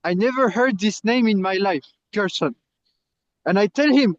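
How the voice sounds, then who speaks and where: A man's voice: sits high, moderate pace, dry recording. A man, a monk who distributes books, telling jokey stories in a casual chat and laughing along. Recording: dull lo-fi sound.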